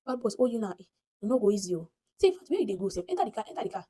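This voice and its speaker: A woman voicing a pushy sixty-something male taxi driver who talks in Nigerian Pidgin, urgent and coaxing, her voice pitched up and louder than her own. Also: sing-song, racing, slightly rough.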